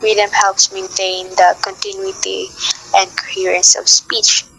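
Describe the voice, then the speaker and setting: A young woman teaching a class, reading her notes at a steady pace with frequent filler sounds. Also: medium pitch, unhurried, gravelly, poor audio.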